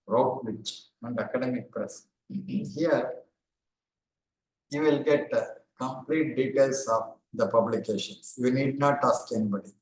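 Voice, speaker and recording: An older man with an Indian accent giving an online lecture as a former university librarian, explaining steadily with frequent pauses and repetitions. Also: mid-range voice, echoey room, low-quality recording.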